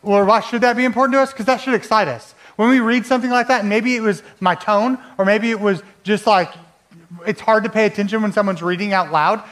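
High-voiced man preaching a sermon. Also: fairly even intonation, fairly quick, fairly bright tone. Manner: conversational preaching with rhetorical questions. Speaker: pastor.

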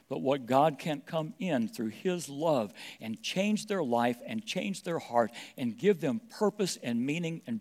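A middle-aged man preaches a sermon in a voice of ordinary pitch. He presses hard on his points and builds them by repeating key phrases. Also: darkish tone. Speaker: pastor.

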